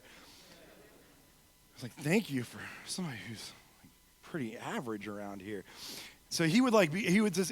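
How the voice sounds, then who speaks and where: A man giving a sermon as a guest speaker in a church, telling stories with acted-out quotes, swinging from loud emphasis to soft, quiet moments. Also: a little high. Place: church sanctuary.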